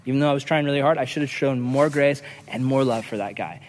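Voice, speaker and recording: A man's voice: medium pitch, fast, in a large hall, a little hiss or hum. A male pastor giving a conversational, earnest sermon, repeating lines for emphasis.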